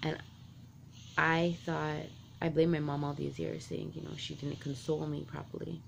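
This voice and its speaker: Woman telling a candid story, gravelly. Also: sits low, little pitch movement, moderate pace, slight background noise. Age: adult parent. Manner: candid, rambling, heavy use of "like" and restarts. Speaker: vlogger. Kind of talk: personal confessional storytelling.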